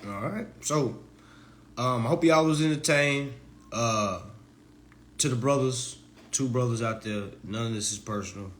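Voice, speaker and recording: Excitable guy w/ aave hosting a law talk stream, average pitch, goes from hushed to yelling. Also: unhurried. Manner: preachy, excitable, swings from hushed asides to loud shouts. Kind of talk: animated live-stream lecture.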